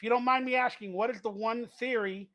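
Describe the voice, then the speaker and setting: A man with a high, bright voice and a slight lisp. He talks earnestly to his livestream viewers. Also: steady tone, quick pace.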